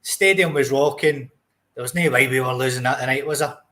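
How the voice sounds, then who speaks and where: A man's voice: mid-range voice, a little fast, a bit bright. A young Scottish man co-hosting a podcast, talking football bluntly and casually. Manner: blunt, says mate a lot. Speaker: podcast co-host.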